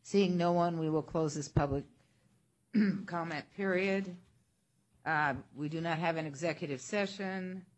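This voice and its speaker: A woman's voice: on the low side, a little slow. Woman chairing a council meeting, brief and procedural. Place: council chamber.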